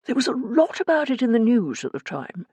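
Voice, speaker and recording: A woman's voice: on the high side, big pitch swings, a little fast, mellow, slightly rough, no echo, voice pushed up, heavily acted. Woman doing Morris, a fussy older gossip. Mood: confiding. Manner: confiding, hesitant recollection. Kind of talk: audiobook character voice.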